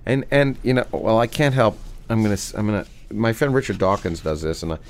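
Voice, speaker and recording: Animated middle-aged man, restarting often. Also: on the low side. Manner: animated, many restarts, reads a passage slowly. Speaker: physicist and author, guest. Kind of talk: conversational interview.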